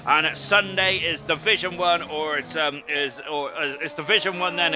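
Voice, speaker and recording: A man's voice: on the high side, steady tone, moderate pace. A British man commentating a sim racing league live, rambling with lots of fillers and joking about himself. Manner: rambling, filler-heavy, self-deprecating banter. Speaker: esports race commentator.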